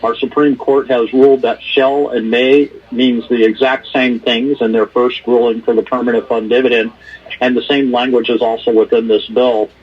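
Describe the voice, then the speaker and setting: A man's voice: mid-range voice, flat delivery, normal speed, slightly rough. A man calling in to testify at a hearing, speaking earnestly and firmly with some stumbling restarts. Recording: muffled phone line.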